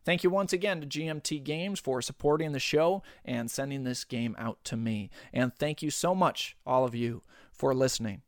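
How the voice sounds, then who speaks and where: A man's voice: mid-range voice, moderate pace, no echo. Earnest male podcast host, dry close mic. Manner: friendly, earnest, thankful. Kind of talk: casual podcast sign-off.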